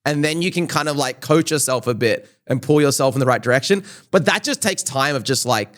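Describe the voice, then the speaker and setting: A man's voice: mid-range voice, expressive, fairly quick, a bit bright. A man who is a YouTuber, talking as a podcast guest in a casual, thoughtful, rambling way with lots of fillers.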